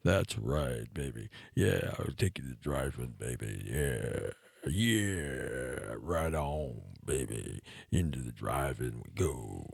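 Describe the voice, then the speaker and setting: A man voicing a smooth-talking teenage boy with a very deep, croaky voice and a slow crooning delivery. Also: lively intonation, dry recording, full character voice. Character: smooth-talking teen boy with exaggerated bass voice.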